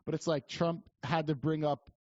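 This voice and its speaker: A man's voice: fairly high pitch, fairly even intonation, normal speed, darkish tone, no room sound. Rambling male podcast co-host, lo-fi. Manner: rambling, many restarts and fillers. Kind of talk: casual political chat. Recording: dry, dull lo-fi sound.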